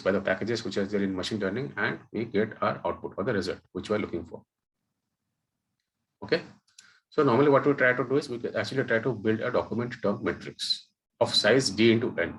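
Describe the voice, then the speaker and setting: In a roughly recorded webinar with slight background noise, a male data science instructor lectures at a medium pitch. He breaks terms down step by step, regularly checking in with "okay" and "guys."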